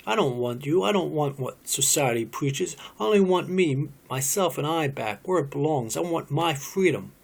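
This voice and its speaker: A man's voice: fairly high pitch, animated, moderate pace, creaky, few pauses. A man cold-reading the part of a restless husband who bluntly wants his freedom back. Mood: defiant. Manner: blunt, defiant.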